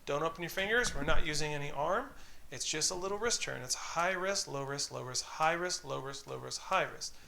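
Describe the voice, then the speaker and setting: A man's voice: a little high, a little fast, creaky, bright, forceful tone, slight background noise. A man teaching drum rudiments, patiently calling out stickings and counting in exercises. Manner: patient, encouraging, counts aloud and calls out stickings. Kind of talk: instructional tutorial, counting off exercises.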